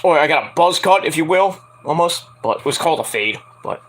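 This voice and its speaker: A young man chats loosely through a wrestling review, cursing freely and breaking into high put-on voices when he quotes people. His voice is bright and forceful, and his pitch leaps up and down with a lively swing. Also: fairly quick. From Antiguan and Jamaican family. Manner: rambling, profane, acts out quotes in high voices. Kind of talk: casual solo review chat.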